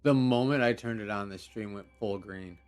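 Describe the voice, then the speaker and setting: A man's voice: on the low side, moderate pace, clean tone. A young man hosting a game live stream, talking casually with slang and laughing as he reacts. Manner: laid-back, laughing, rambling with slang. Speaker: livestream host. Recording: faint background music.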